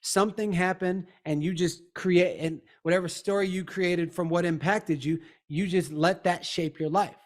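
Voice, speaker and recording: A man's voice: sits high, fairly even intonation, normal speed, few pauses. A man, a motivational speaker and coach, talking emphatically as an interview guest. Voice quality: had a speech impediment in youth. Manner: emphatic, acts out quoted people.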